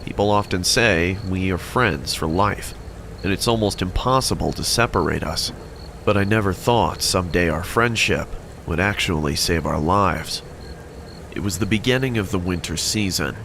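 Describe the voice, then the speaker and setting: A man narrating a scripted horror story in an even, measured way. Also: deep voice, vocal fry, slight background noise.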